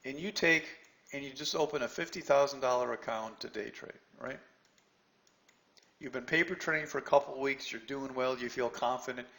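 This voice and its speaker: A middle-aged male trading instructor delivers a seminar lecture, scolding his students bluntly and hitting them with rhetorical questions. His voice is mid-range with a fairly bright tone, and the audio quality is poor.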